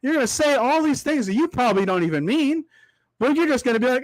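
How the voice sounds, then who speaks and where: High-voiced young man ranting to viewers. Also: animated, no room sound. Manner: preachy, repetitive rhetorical asides, drawn-out extended metaphor. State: voice tiring from long talk. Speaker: livestream host.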